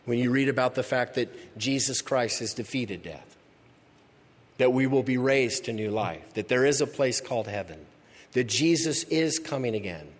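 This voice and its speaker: A man's voice: mid-range voice, animated, normal speed. Emphatic preaching man in a hall. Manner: emphatic, repeats key phrases, rises to loud peaks. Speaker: pastor. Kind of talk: sermon. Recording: long reverb of a large hall.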